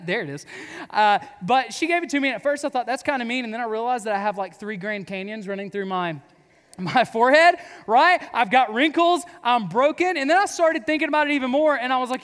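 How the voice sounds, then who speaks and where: A man in his thirties gives a youth sermon, telling jokes at his own expense and talking straight to the students. His voice sits very high. The reverb of a large hall trails after every line. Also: expressive, brisk, a bit bright, smooth. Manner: casual, joking storyteller addressing students. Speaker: youth pastor. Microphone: clip-on mic.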